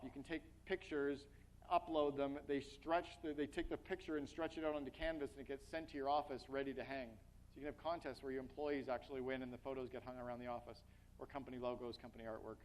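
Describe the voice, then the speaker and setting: A man giving an energetic, blunt business keynote to a live audience, speaking to them directly and asking them questions. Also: fairly high pitch, poor audio.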